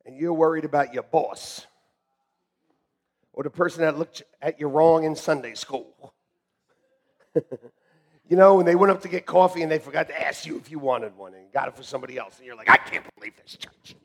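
A man preaching a sermon as pastor, animated and joking, laughing often with the congregation. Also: a little high, moderate pace, gravelly, long pauses.

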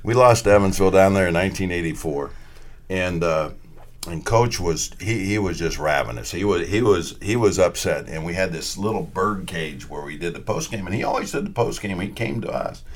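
A man telling old stories in a casual chat, acting out quotes with sudden loud bursts. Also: low voice, a little fast. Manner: animated, acts out quotes with sudden loud outbursts. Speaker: former radio announcer.

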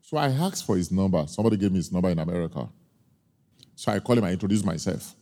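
A man preaching a sermon, telling a personal story with emphatic, drawn-out key points. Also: low voice, animated, mellow. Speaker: pastor. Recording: long hall reverb.

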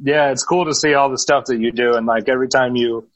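A man's voice: medium pitch, fairly even intonation, fast. A man hosting a podcast, chatting casually with short affirming remarks. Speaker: podcast host. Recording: dull lo-fi recording.

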